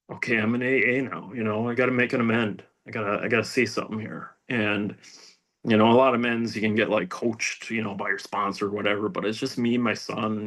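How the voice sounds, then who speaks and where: A middle-aged man telling his recovery story in a rambling, halting way, full of restarts and fillers, dropping to a near whisper at painful moments. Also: on the low side, fairly bright tone. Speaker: speaker sharing recovery story. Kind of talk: personal testimony at a recovery meeting.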